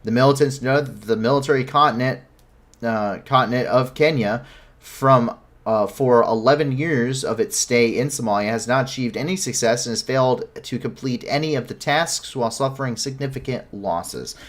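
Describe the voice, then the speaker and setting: A man's voice: mid-range voice, moderate pace. A man hosting a live news show, giving commentary with frequent self-corrections and blunt, incredulous asides.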